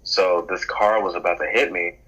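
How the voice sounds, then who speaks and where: A man, co-hosting a podcast and telling rambling, animated stories in casual chat. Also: low-pitched, moderate pace, husky, lo-fi sound. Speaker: podcast co-host.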